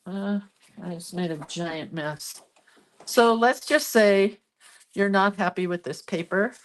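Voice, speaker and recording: A congested, sniffly woman with a medium-pitched voice takes it slowly as she hosts a casual crafting demo. Chatty and self-deprecating, she laughs at herself and keeps talking while she works.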